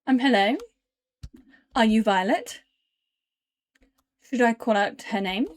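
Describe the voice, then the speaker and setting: A woman's voice: fairly high pitch, takes it slowly. A woman streaming a game live, reading its text aloud and chatting to her viewers between lines. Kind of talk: live game playthrough commentary.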